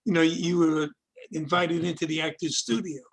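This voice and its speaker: A man's voice: on the high side, little pitch movement, normal speed, creaky. A man interviewing a former student over a video call, reminiscing and hesitant, repeating words. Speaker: interviewer, acting teacher. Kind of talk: casual interview.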